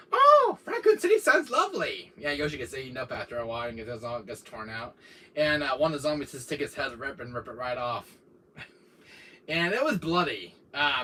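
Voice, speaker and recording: This livestream host has a mid-range voice that sounds pushed and bright. Picked up by a distant mic with faint noise, he wanders through game talk and jokes, laughing frequently and filling gaps with plenty of fillers.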